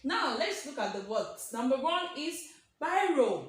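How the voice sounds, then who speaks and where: Nigerian woman, teacher, emphatic, checks in with "okay?", slow, very echoey room. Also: sits high, big pitch swings, fairly bright tone. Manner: emphatic, drills each point and checks in with "okay?". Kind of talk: video English lesson.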